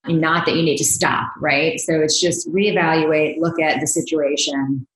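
A woman's voice: low voice, fairly even intonation, normal speed, reverberant, poor audio. A woman from New Jersey, a blogger guest on a podcast, chatting casually with lots of fillers and laughs. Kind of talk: casual interview chat.

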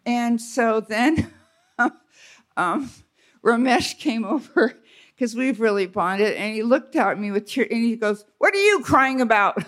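Candid woman speaking onstage at a retreat. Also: on the high side. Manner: candid, self-deprecating, halting with restarts. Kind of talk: live onstage storytelling. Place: stage at a live retreat before an audience.

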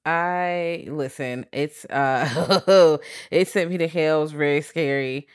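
A woman's voice: low voice, takes it slowly, clean tone, no room sound, clean studio sound. A woman co-hosting a podcast, chatting casually about a film in a blunt, profane way, full of "like" fillers. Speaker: podcast co-host. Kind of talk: casual chat reviewing a film.

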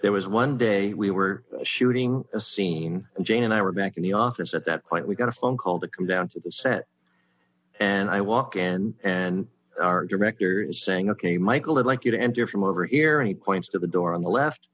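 A man with a slightly low voice tells show-business stories in an easy, chatty way. He jumps into the voices of the people he quotes, getting louder and higher for the punchlines. He sounds middle-aged and relaxed. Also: normal speed, dull audio. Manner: animated storyteller who acts out quoted people. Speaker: sitcom writer guest. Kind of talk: casual anecdote telling.

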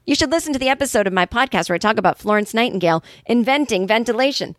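A woman's voice: on the high side, lively intonation, rapid-fire, no echo, studio quality. A woman with a Boston accent hosting her podcast, a stand-up comedian ranting in a casual, exasperated, profane monologue.

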